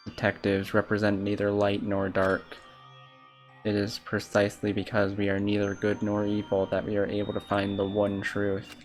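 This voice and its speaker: A streamer voicing an aloof, bored young female detective while reading game dialogue, flat and measured. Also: low voice, soft background music, pitched below the performer's own voice, close to an everyday voice. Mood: bored, solemn.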